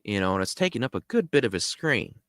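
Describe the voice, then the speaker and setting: Guy hosting his show, telling a story all casual and animated, lowish voice, dry close sound. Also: quick pace, no echo. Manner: animated, lots of "you know" fillers. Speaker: host.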